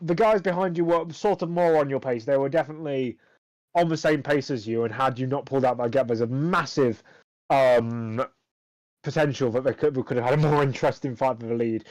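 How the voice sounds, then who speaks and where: A man's voice: medium pitch, brisk, a little mellow, no echo, low-quality recording. A man doing live commentary and interviews for a sim racing league, dry and sarcastic, rambling with fillers.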